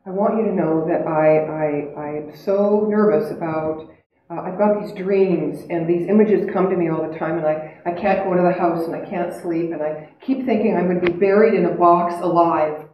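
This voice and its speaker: A woman's voice: fairly low pitch, normal speed, lo-fi sound, a little hiss or hum, pitched below the performer's own voice, close to an everyday voice. A woman playing a nervous, stammering female patient. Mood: anxious. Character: anxious, fretful female patient. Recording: echoey hall, heard from a distance.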